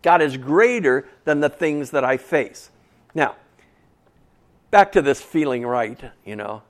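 A pastor with a mid-range voice delivers his sermon in a conversational manner. He questions the congregation and repeats key phrases for emphasis.

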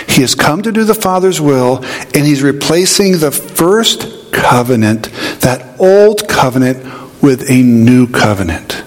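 A man preaching a sermon as pastor, emphatic, with rising questions and quieter low asides. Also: moderate pace, big-room sound.

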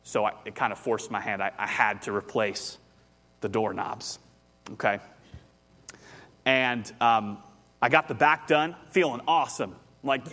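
A man's voice: medium pitch, normal speed, long pauses, bright, forceful tone. A man, preaching a conversational sermon as pastor, telling a story and rising with animation.

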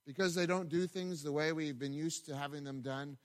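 A man's voice: on the high side, fairly even intonation, brisk. Conversational man preaching a sermon. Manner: conversational, storytelling with asides and repetitions. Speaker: pastor.

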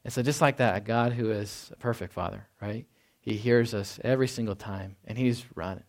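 A man's voice: on the low side, brisk. A man preaching a conversational sermon, often tagging his points with "right?" and asking rhetorical questions. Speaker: pastor.

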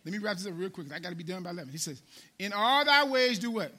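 A preacher with a very high, bright and sharp voice delivers a sermon in call-and-response style. He repeats his lines, calls on the congregation to answer, and swings between loud and hushed. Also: expressive, quick pace. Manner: call-and-response preaching, repeats phrases, rises and drops in volume.

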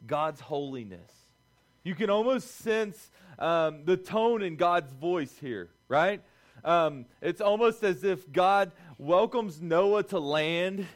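A young male youth pastor delivers a lively sermon in a casual, talky way. His voice sits high, and he keeps the energy up, breaking into quick acted-out lines for the people in his story. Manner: animated, conversational, acts out quoted voices.

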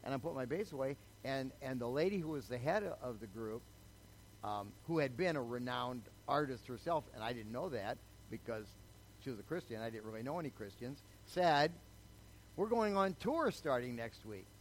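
An older man's animated, mid-range voice comes through a rough recording with a slight hiss or hum as he speaks at a moderate pace. His sermon is a chatty personal testimony, punctuated by questions to the crowd like "okay?"

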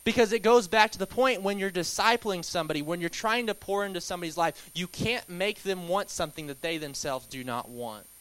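A young man teaching a Bible study at church in a relaxed, conversational way, with filler words and restarts. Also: high-pitched, a little fast, hardly any pauses, rough recording. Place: church hall.

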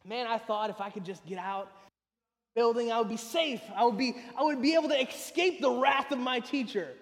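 A man preaching a sermon, emphatic and swinging between loud, pressing lines and hushed ones. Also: very high voice, moderate pace, in a large hall.

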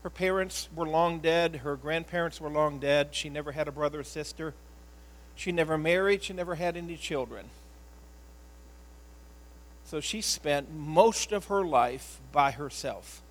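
A man, a pastor, telling a personal story in an earnest, emotional sermon style, often halting and repeating words. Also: a little high, poor audio.

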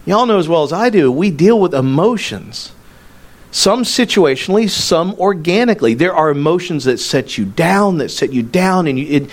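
A man preaching a sermon as a pastor, telling a story in an earnest, conversational way with frequent restarts. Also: medium pitch.

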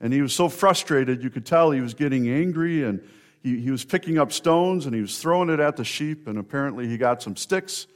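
A man's voice: medium pitch, fairly quick. A man preaching a sermon, telling stories in a conversational way and speaking directly to members of the congregation. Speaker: pastor.

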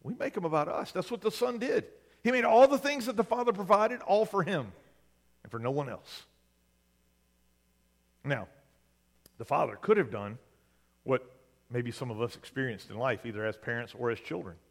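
A male pastor preaches in a high, very animated voice, his pitch swinging widely. He keeps turning to the congregation with "right?", and his words ring with a long echo, as in a big hall. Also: moderate pace, vocal fry, pauses often. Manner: animated, conversational, often asks "right?". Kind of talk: sermon.

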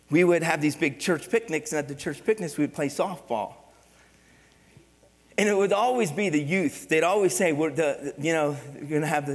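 A middle-aged male pastor preaching a sermon, animated and conversational, with rhetorical questions and storytelling. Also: fairly high pitch. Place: church sanctuary. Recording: long reverb of a church hall.

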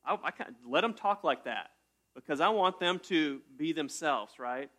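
Joking pastor preaching a casual sermon. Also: male voice, on the high side, animated, moderate pace. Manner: casual and joking, with sudden loud bursts. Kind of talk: conversational sermon.

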